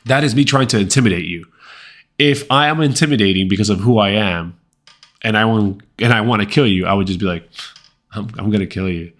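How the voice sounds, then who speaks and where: A man's voice: fairly low pitch, a little fast, fairly bright tone. A man reviewing a movie in a casual, conversational way, full of fillers and repeated words. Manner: acts out quoted lines. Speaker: film reviewer.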